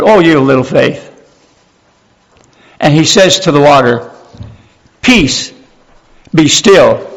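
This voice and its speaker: A man preaching a sermon, emphatic, repeating key phrases slowly and dropping to hushed tones. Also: fairly high pitch, low-quality recording.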